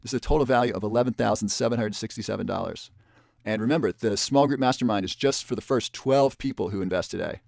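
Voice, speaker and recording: A man presenting a webinar, pitching a parenting program and repeating the offer and the spots left. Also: quick pace, creaky, darkish tone, no echo, clean studio sound. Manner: pushy salesman tone, repeats offers and counts down spots.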